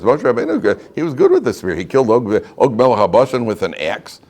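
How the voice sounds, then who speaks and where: A rabbi teaching an informal Torah class to students in a classroom, animated and joking, often putting questions to his listeners. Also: on the low side, brisk, hardly any pauses.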